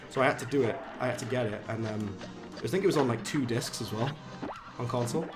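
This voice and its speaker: Chatty South Wales Valleys streamer man. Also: quick pace. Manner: chatty, self-mocking, bursts up in pitch when frustrated. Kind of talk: casual live game-stream commentary. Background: game music.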